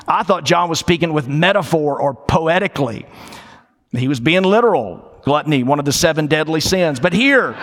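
A man preaching a sermon in a church, conversational, slowing down for emphasis and dropping in playful asides. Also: on the high side, a bit bright, long reverb tail. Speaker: pastor. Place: church sanctuary.

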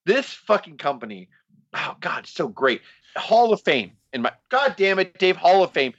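A lively, high-pitched man rants on a casual wrestling podcast, swinging his voice up and down. His tone is bright and sharp, and he swears freely. The sound is dry and a bit dull, like a lo-fi podcast mic. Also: moderate pace, no echo. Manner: animated, profane, laughing, does mocking voices. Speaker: podcast co-host.

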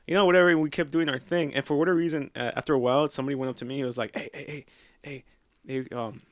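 A man's voice: fairly high pitch, fairly even intonation, rapid-fire, fairly bright tone, no echo, clean studio sound. A man telling a story in casual chat, laughing often, swearing freely and dropping in Spanish slang.

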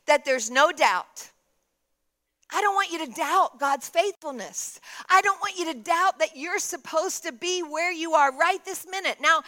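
A woman pastor preaching a sermon, shifting between emphatic declarations and quiet storytelling. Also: sits high.

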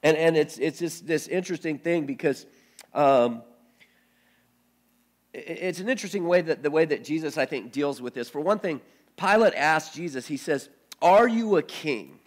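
A man pastor reading scripture aloud, then preaching in a halting way, often repeating words as he thinks aloud. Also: fairly high pitch.

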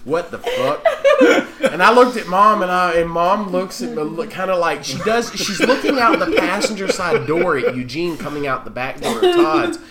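A man spins a crude, profane yarn for his friends and keeps laughing at his own story. His voice sits fairly high and swings widely in pitch. A crowd murmurs clearly behind him. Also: expressive, normal speed, few pauses. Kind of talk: casual storytelling among friends.

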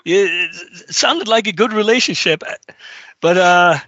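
A man interviewing his guest in an unhurried way, searching for words as he speaks. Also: high voice, bright, forceful tone, no echo, muffled recording. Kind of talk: conversational interview.

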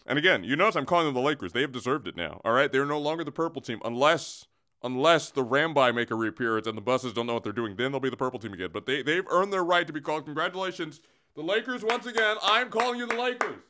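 A man hosts a comedic sports segment in a boastful, mock-grandiose rant that keeps wandering off and restarting. His voice sits a little high and sounds very bright and forward. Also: lively intonation, fast talker.

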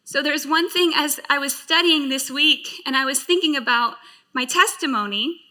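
A woman's voice: sits high, moderate pace, pushed and bright. A woman pastor in her late thirties sharing a personal testimony in a sermon, speaking in an earnest, heartfelt way. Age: late 30s.

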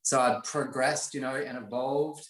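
An earnest man of ordinary pitch tells his story in a motivational way, circling back and repeating key phrases for weight. The room around him is roomy and echoing. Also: little pitch movement, measured pace, a bit bright. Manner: earnest, repetitive, emphatic. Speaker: guest sharing his life story. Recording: roomy echo.

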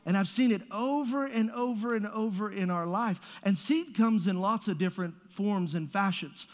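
High-voiced preacher in a reverberant hall. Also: male voice, normal speed. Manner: conversational, joking preaching with playful asides. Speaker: pastor. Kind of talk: sermon. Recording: long reverb of a large hall.

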